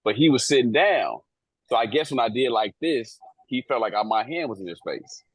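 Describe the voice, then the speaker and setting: A man's voice: medium pitch, lively intonation, fairly quick, husky, no room sound, low-quality recording. A man co-hosting a talk show, casually telling a story from his job as an airport officer in a slangy, profane way, acting out the people in it. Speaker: airport police officer and co-host.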